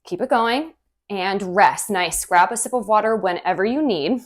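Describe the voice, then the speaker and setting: A woman's voice: medium pitch, moderate pace. A woman coaching a cardio session from her home kitchen, talking while she moves. She sounds upbeat and encouraging and a little out of breath. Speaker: fitness instructor. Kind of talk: workout instruction.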